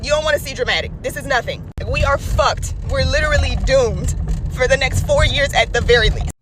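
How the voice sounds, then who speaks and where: A woman's voice: sits high, brisk. A tearful woman in an emotional, profane rant to camera. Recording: noisy background.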